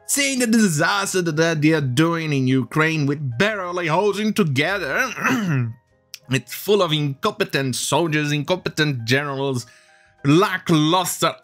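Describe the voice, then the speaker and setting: A man's voice: on the high side, fairly bright tone. A man hosting a mocking news-commentary rant, swearing and laughing as he goes. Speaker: commentary host.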